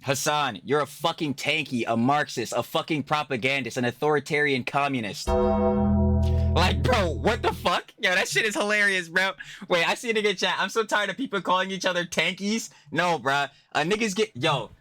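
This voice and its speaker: A young man hosting a reaction stream, cursing heavily in slang-filled, excitable commentary and breaking into laughter. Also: a little high, normal speed, soft background music. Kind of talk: profane comedic reaction commentary.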